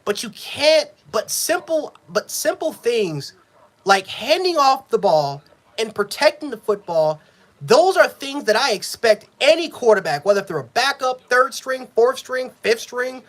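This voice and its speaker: Animated frustrated man reacting live. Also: very high-pitched. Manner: frustrated, repetitive, swings from yelling to muttering; profane. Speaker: sports fan streamer.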